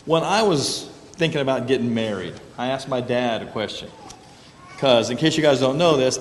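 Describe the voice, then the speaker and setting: A man's voice: mid-range voice, a little hiss or hum. Man preaching in an echoey church. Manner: folksy storytelling, joking asides. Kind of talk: conversational sermon. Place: church sanctuary.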